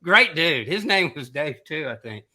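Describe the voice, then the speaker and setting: Animated, bright-voiced storytelling man. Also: fairly high pitch, moderate pace. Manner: animated storyteller who laughs through his own stories and mimics others' voices. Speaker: podcast co-host. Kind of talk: casual anecdote telling.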